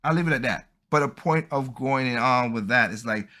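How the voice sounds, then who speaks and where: Bright-voiced man hosting a podcast. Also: mid-range voice, normal speed. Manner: rambling, opinionated, acts out quoted people. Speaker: podcast host. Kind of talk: casual opinion monologue.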